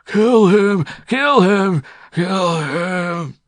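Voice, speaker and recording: A man voicing a cruel, bitter old man who snarls and croaks in drawn-out shouts, in an audiobook. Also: high voice, lively intonation, no room sound, studio quality, voice pushed up, full character voice. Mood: raging.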